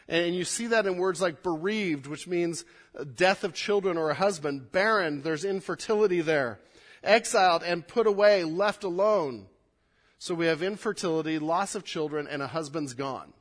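A male pastor teaching a sermon through scripture, starting over on words and swinging from emphatic to soft. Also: fairly high pitch, moderate pace. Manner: expository, with repeated restarts, rising emphatic then dropping quiet.

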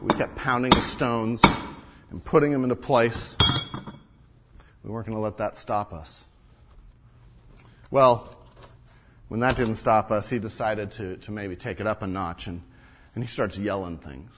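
A man's voice: fairly low pitch, a little slow, long pauses, slight background noise, natural voice. A man playing an earnest, indignant wall-builder and father from ancient Jerusalem, telling his story in the first person and tripping over repeated words. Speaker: first-person biblical character monologue.

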